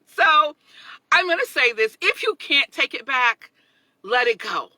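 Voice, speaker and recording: A woman in her thirties, hosting a casual motivational talk, chatty and expressive, laughing often and greeting viewers by name. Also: high voice, measured pace, dry recording, rough recording. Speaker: motivational livestream host.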